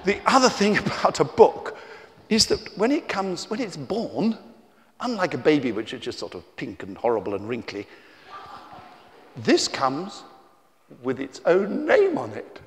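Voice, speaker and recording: A man, a children's author, telling stories to a young audience in a theatrical, teasing way, shifting between shouts and hushed asides, recorded on a tie-clip mic at an indoor festival venue. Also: on the high side, wildly swooping pitch, unhurried. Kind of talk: live storytelling talk to children. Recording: reverberant hall.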